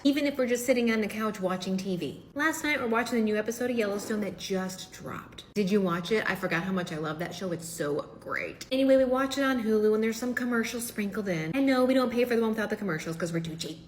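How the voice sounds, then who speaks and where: A woman in her thirties telling funny family stories in a casual, animated way, swearing freely and acting out the quotes. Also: fairly high pitch, a little hiss or hum. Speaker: comedic storyteller. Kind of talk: casual comedic storytelling.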